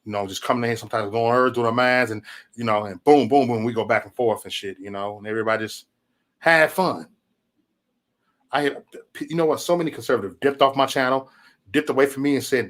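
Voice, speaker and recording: In a casual livestream rant, the male host swears freely, wanders from point to point, and spins animated stories. His pitch is medium, his pace fairly quick, and his tone fairly bright.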